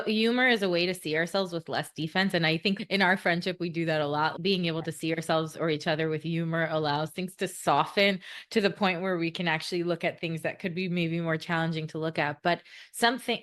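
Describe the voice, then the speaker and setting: A woman's voice: on the low side, brisk, few pauses, a bit bright. Earnest woman podcast co-host. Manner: earnest, reflective, explaining. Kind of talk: reflective conversational podcast.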